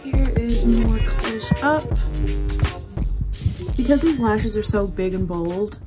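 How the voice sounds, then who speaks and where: A woman chatting casually to her camera in a vlog, goofy and quick to poke fun at herself. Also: fairly high pitch, lively intonation, over loud music, rough recording. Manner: chatty, goofy, self-mocking. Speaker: vlogger.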